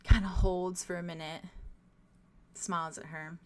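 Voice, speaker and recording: A woman's voice: lowish voice, little pitch movement, a little slow, pauses often, clean tone. A young woman narrating a tabletop game as game master, descriptive and full of fillers. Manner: descriptive, many fillers like "like" and "kind of".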